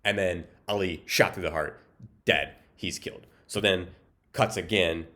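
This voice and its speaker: A man casually recapping a film plot with deadpan humor, rambling and filling gaps with "um" and "like". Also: low voice, measured pace. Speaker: movie recap host.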